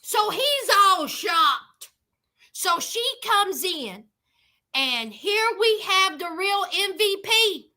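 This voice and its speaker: A woman's voice: very high-pitched, very animated, very slow, bright, forceful tone. A woman giving a comedic, sassy recap of a reality show, mocking the people in it with dramatic flair. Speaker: reality TV commentator.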